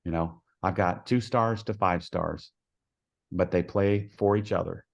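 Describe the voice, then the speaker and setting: A man with a very deep voice tells stories as a podcast guest, in a folksy, homespun way. He acts out the dialogue in his anecdotes as he goes. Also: fairly even intonation, a little slow, gravelly. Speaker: head softball coach, podcast guest. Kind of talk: storytelling in a podcast interview.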